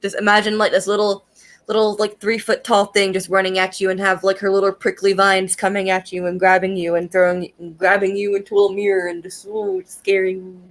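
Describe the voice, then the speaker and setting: A young woman talks through her thoughts on a series in a loose, chatty way, swearing freely and circling back on herself. Her voice sits at a middling pitch, and her manner is easygoing and unpolished. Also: little pitch movement, brisk, fairly bright tone. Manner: chatty and profane, with frequent fillers and laughs. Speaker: anime reviewer. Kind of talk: casual spoken review.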